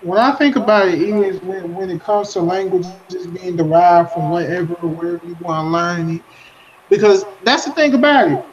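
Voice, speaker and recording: A man's voice: high voice, normal speed, a little hiss or hum. A man co-hosting a casual podcast, talking earnestly and musing aloud, often restarting his thoughts. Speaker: podcast co-host. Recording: dull lo-fi podcast mic.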